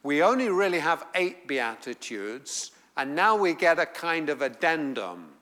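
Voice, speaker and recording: A man with an English accent, from England, teaching a Bible class, reading scripture aloud and explaining it in a deliberate way. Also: on the high side, sing-song, a bit bright, long reverb tail.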